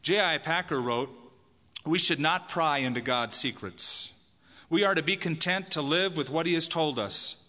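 A man's voice: a little high, expressive, moderate pace, sharp tone. A man preaching a sermon to a congregation as pastor, emphatic and asking the listeners questions. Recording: long hall reverb.

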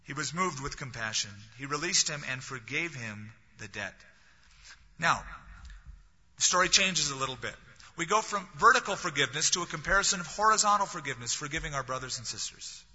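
A man delivers a sermon in a bright, cutting, somewhat husky voice that sits a little high. He talks conversationally and drops in wry jokes. The recording is dull and lo-fi, with a long reverb tail as if in a large hall. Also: lively intonation, a little fast. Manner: conversational, with wry humorous asides. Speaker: pastor.

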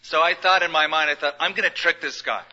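A middle-aged man gives a conversational, gently humorous sermon in a big church auditorium. His voice is very bright and forward. The recording is dull and lo-fi, with a long reverb tail from the hall. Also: on the high side, quick pace. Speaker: pastor.

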